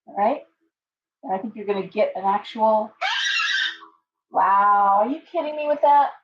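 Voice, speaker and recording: A woman's voice: medium pitch, expressive, measured pace, recorded from a distance. Chatty woman reading tarot live. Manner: chatty, rambling, frequent fillers and restarts. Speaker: tarot reader. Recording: muffled audio from away from the mic.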